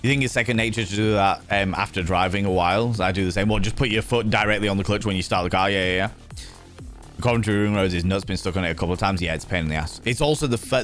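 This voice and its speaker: A low-voiced British man hosts a casual livestream, telling stories with animated swings and plenty of swearing. He greets his chat playfully between tales, with faint music underneath. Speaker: livestream host.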